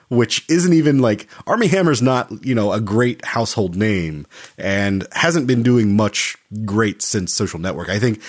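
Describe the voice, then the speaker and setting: A man co-hosting a film podcast, talking casually with many restarts and fillers. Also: lowish voice. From Oklahoma, USA. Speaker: podcast co-host.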